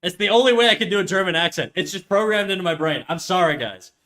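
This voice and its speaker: Male streamer, slightly high, bright voice, rambling and self-mocking, casual swearing. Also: lively intonation, fast. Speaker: live-streaming artist. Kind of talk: casual livestream chat.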